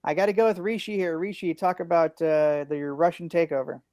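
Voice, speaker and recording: A man hosting a live online improv comedy show, calling on players with quick, upbeat patter over a video call. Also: fairly high pitch, steady tone, warm tone, no room sound, clean studio sound.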